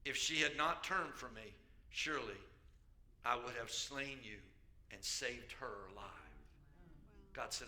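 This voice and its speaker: A man pastor preaching a sermon, storytelling with jokes and sudden loud bursts. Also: mid-range voice, measured pace, pauses often, a little hiss or hum. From United States.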